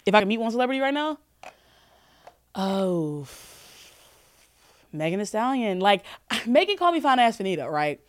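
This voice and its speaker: A woman in her twenties hosting a podcast, chatting casually and answering calls with animated, profane, joking rants. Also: mid-range voice, moderate pace, pauses often, no echo. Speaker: podcast host.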